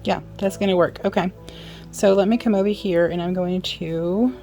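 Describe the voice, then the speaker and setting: Woman, low register, casual hands-on sewing tutor with chatty asides; light music underneath. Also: steady tone, moderate pace, dark tone. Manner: chatty, apologetic asides, talks while working. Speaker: sewing instructor. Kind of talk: casual how-to demonstration.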